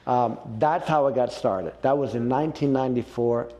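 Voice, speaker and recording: A man in a casual interview, telling a story with animated retelling and quoted reactions. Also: mid-range voice, normal speed, big-room sound, dull audio. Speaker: interview guest, jiu-jitsu black belt.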